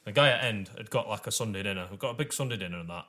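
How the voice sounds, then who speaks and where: A man's voice: on the low side, expressive, very fast, bright, forceful tone. A young man, chatting bluntly on a podcast and swearing freely. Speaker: podcast co-host. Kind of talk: casual chat.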